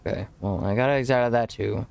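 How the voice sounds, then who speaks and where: A man's voice: lowish voice, very fast, vocal fry, a little mellow. A young man chatting casually to viewers on a game stream, laid-back and rambling, calling people bro. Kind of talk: casual live-stream chat while gaming.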